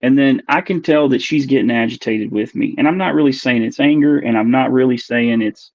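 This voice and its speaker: Earnest halting man in his forties. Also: mid-range voice, creaky, darkish tone, dry recording. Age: 40s. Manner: earnest, halting, searching for words. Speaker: podcast guest. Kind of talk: recounting a personal experience. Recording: dull, lo-fi dry recording.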